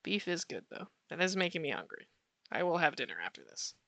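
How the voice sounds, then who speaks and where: Bright, chatty woman streamer. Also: on the low side, big pitch swings, brisk, vocal fry, no echo. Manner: chatty, reads and answers chat, laughs often. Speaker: art streamer. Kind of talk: casual livestream chat while sketching.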